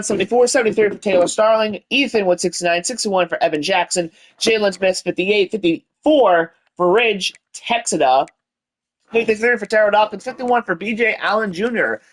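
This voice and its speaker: A man's voice: sits high, a bit bright. A man hosting his own video game channel, giving casual gameplay commentary with rambling, unsure asides and bursts of mock-announcer hype.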